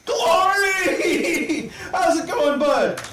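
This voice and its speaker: A man voicing a loud, gleeful demonic contact over a sending stone, high and cackling. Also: expressive, very slow, echoey room, recorded from a distance, heavy background noise, heavily acted. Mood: manic.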